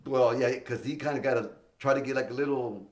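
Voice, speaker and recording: A middle-aged stand-up comedian, appearing as a guest on a podcast interview, speaks briskly in a mid-range voice. He tells casual stories, acting out quoted voices and swearing freely.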